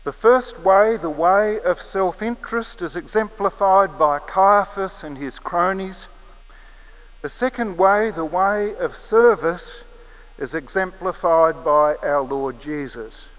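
A man preaching a sermon with measured, emphatic phrasing, leaning on repeated key words. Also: high-pitched. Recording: echoey hall, muffled lo-fi sound.

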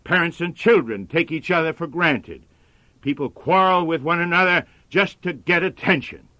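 A man preaching a sermon in a measured, earnest manner. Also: on the high side, animated, pushed and bright, no room sound.

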